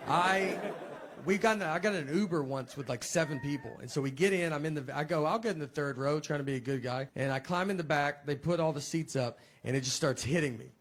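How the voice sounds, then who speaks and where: A middle-aged comedian, telling stories in a deadpan, self-deprecating way and laughing through them. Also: male voice, fairly high pitch, fast talker. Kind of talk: casual comic storytelling. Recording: noisy background hiss.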